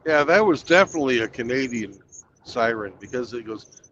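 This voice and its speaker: A man's voice: mid-range voice, expressive, brisk, fairly bright tone, dull audio, a little hiss or hum. A man working as a truck driver, chatting casually with dry humor and plenty of swearing. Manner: dry, swearing, wry understatement. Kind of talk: casual chat.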